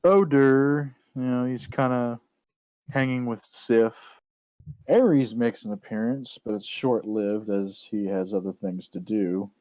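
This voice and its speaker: A man narrating as game master of a tabletop game, in a relaxed, meandering way. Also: medium pitch, slow pace, no echo, muffled recording.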